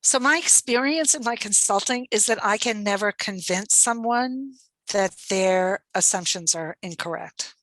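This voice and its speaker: A thoughtful woman guest answers questions in an online webinar over a video call, speaking a little slowly and reflectively with occasional light laughter. Her voice is mid-pitched with a fairly bright tone. The low-quality recording is dry and close, with no room sound.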